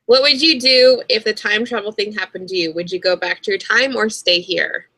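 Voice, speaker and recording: A woman's voice: medium pitch, normal speed, bright, forceful tone, no echo, poor audio. A teenage girl co-hosting a casual livestream, eager and chatty, asking questions. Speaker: co-host.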